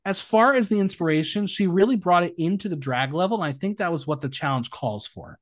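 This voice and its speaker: Lively, animated male podcast host. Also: high voice, a little fast, no echo, clean studio sound. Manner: animated, opinionated, swings between loud and hushed. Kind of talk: casual recap chat.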